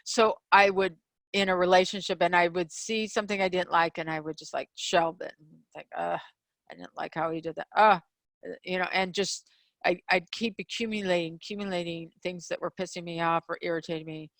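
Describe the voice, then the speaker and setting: A middle-aged woman hosting a relationship show, teaching communication skills in a casual, animated way, with many fillers and restarts. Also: lowish voice, a little fast, no echo. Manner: animated, acts out quoted examples in a raised voice; frequent fillers and restarts, laughs between points. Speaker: podcast host and relationship coach.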